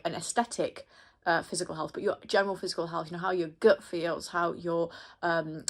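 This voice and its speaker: Chatty woman astrologer with a gravelly low voice. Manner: chatty, rambling, filler-heavy, addresses viewers directly; laughs at herself. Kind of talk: casual horoscope reading to camera.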